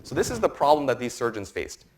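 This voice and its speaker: A man's voice: medium pitch, sing-song. Young man giving a science lecture. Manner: explanatory, quick and informal. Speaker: medical student presenter. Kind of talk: academic lecture presentation. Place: lecture room with an audience.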